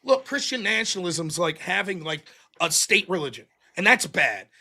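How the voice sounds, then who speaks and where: A man talks through a debate he just had, blunt and heavy on swearing. His pitch jumps around a lot, and his tone is bright and edgy. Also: moderate pace. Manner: animated, blunt, swears often. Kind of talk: casual post-debate chat.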